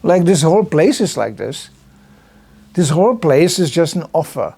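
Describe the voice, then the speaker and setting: A man's voice: on the high side, big pitch swings, moderate pace, vocal fry, mellow, husky. Older man telling stories in a talk. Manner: storytelling, acting out other people's lines in changed voices. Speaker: visiting lecturer at a temple. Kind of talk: informal religious talk with anecdotes.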